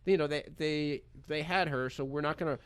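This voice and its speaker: A man's voice: fairly high pitch, fairly quick, clean tone. Chatty American man telling a story. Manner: animated, chatty, laughs while telling the story. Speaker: poker pro guest. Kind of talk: radio interview storytelling. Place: radio studio.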